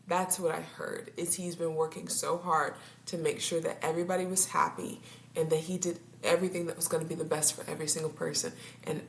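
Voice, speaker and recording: A woman couples therapist talking casually to her viewers, laughing often and tripping over her words. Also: low voice. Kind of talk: casual talk to camera. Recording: roomy echo, faint background hum.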